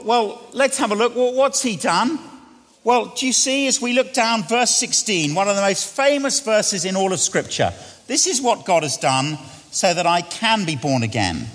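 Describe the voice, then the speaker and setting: A middle-aged man preaching a sermon, often questioning the congregation and sinking to quiet, hushed lines. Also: sits high. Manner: asks the congregation questions, drops to quiet near-whispers. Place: church. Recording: long church reverb.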